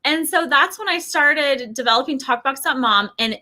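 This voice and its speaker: A woman in her thirties, a language course founder, telling animated stories in a casual interview, acting out quotes and laughing often. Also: high voice, normal speed.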